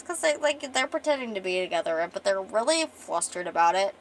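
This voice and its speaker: A woman's voice: mid-range voice, lively intonation, brisk, a little hiss or hum, rough recording. A young adult woman streamer retelling her own story in a casual, rambling way, with restarts and casual swearing.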